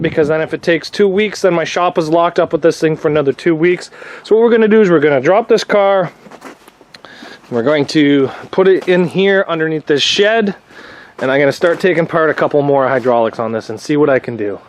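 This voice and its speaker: A man vlogging casually from his workshop, frustrated with a machine, rambling and restarting as he explains his repairs. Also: on the high side. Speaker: vlogger, shop owner.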